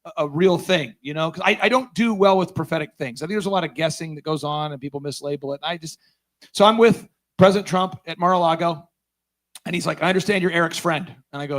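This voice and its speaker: A man's voice: fairly high pitch, fast talker. A man giving a storytelling talk at a conference, acting out the dialogue he quotes. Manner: animated, acts out quoted dialogue. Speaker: conference speaker.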